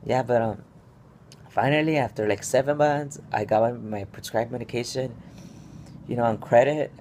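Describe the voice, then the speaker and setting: A man's voice: medium pitch, mellow, a little hiss or hum. Rambling, stressed young man telling his story. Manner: rambling and restless, many fillers and restarts. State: stressed and upset. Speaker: vlogger. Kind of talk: casual personal vlog story.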